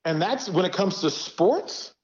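A man's voice: high-pitched, animated, measured pace, breathy edge. A man from Virginia, a guest speaking candidly and earnestly, often repeating words as he builds a point. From Arlington, Virginia. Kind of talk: candid conversational talk. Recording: dull lo-fi sound.

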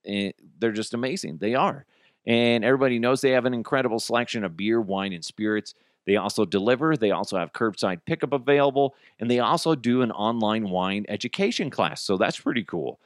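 On his solo podcast, a medium-pitched man delivers a crude, jokey rant, slipping into goofy voices as he spins animated stories. The sound is studio quality with no echo.

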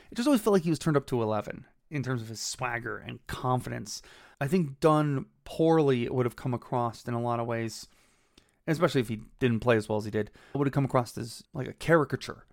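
A man's voice: medium pitch, brisk, dry recording, studio quality. A man in his thirties from Cleveland hosting a podcast, telling baseball stories with enthusiasm and acting out the quotes. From Cleveland, Ohio. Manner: enthusiastic, quotes players in lively voices. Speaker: podcast host. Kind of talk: casual baseball storytelling.

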